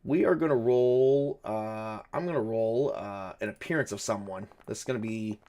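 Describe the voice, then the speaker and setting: A man's voice: fairly low pitch, moderate pace, mellow. A man narrating a solo tabletop game, thinking aloud and hesitating with many fillers. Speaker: game master and solo player.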